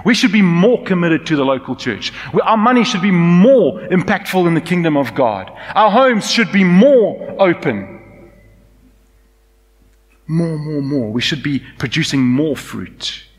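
A man preaching a sermon as pastor, swinging from loud, raised emphasis to soft, quiet intimacy. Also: a little high, big pitch swings, moderate pace. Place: church hall. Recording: long church reverb.

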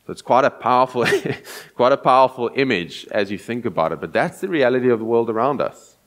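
A man preaching an earnest, explanatory sermon, often pausing and restarting as he thinks. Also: medium pitch, lively intonation, a bit bright.

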